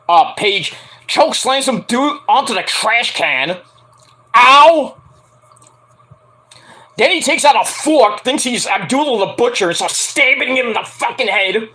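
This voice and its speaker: A man's voice: very high-pitched, measured pace, poor audio. A man giving a casual, profane wrestling recap, acting out quotes with lots of ums. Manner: animated, acts out quotes, frequent ums. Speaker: wrestling reviewer.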